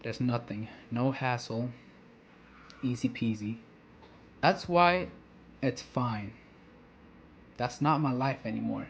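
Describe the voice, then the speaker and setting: A man voicing a listless, empty teenage boy striker full of regret, read aloud quietly and flatly from a manga. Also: medium pitch, slow pace, gravelly, long pauses, highs cut off, slight background noise. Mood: detached.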